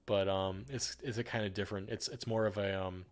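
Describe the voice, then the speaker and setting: A young man streaming himself painting in the northern United States rambles along, swears freely, and uses plenty of fillers. His voice is lowish and a little fast, with fairly even intonation, and faint music plays behind him.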